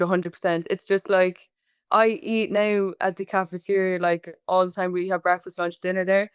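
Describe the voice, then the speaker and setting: Smooth-voiced young Cork Irish woman. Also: medium pitch, dry recording. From Ireland. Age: 20s. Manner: chatty, lots of "like" fillers, laughs easily. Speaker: guest, college basketball player. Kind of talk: casual interview chat.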